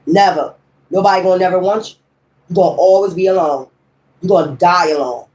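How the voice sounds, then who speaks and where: A woman's voice: fairly low pitch, brisk, darkish tone. A woman in her fifties giving a tarot reading, talking in a blunt, heated and profane way. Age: 50s. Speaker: tarot reader. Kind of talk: tarot reading with ranting commentary.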